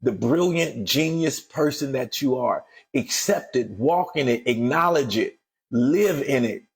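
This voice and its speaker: A man's voice: mid-range voice, animated, a little slow, husky. A man giving an emphatic motivational sermon as host of a daily show, repeating phrases as he builds to fervent calls to action.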